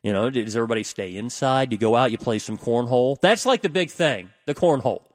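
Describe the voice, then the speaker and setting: A man's voice: medium pitch, animated, fast, no echo, clean studio sound. A man filling in as a radio talk host, rambling conversationally and tossing questions out to listeners on a call-in show. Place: radio studio.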